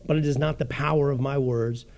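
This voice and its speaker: A man preaching a sermon as pastor, with a raspy voice, animated and swinging between soft and loud, joking about his own slips. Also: brisk, dull audio. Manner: animated preaching with wide swings in pitch and loudness; jokes at his own slips, laughs easily.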